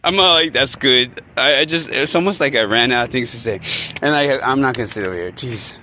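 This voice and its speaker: A man's voice: medium pitch, fast talker, pushed and bright. Rambling man vlogging at a bus stop. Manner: candid, rambling, many fillers and restarts. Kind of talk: rambling personal vlog. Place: outdoors at a city bus stop. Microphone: handheld camera. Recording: outdoor street noise and traffic.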